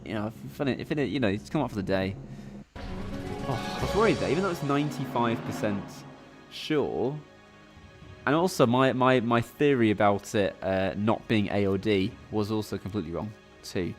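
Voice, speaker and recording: A man's voice: fairly low pitch, moderate pace, faint music behind. Chatty man hosting a quiz stream. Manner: chatty, rambling, lots of "you know" fillers. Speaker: quiz game host and player. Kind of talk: live-streamed quiz play-through commentary.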